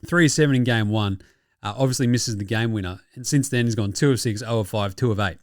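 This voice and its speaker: A young Australian man hosting a podcast, excitable and slangy, swearing freely in casual sports chat. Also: on the low side, quick pace, no room sound, clean studio sound. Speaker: podcast host.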